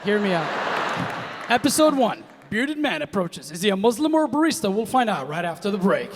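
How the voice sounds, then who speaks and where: A young man from Kuwait performing a stand-up comedy set, animated and acting out the voices of people in his stories. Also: high voice, a little fast, background noise. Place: comedy stage in a large hall with a live audience. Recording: live hall reverb.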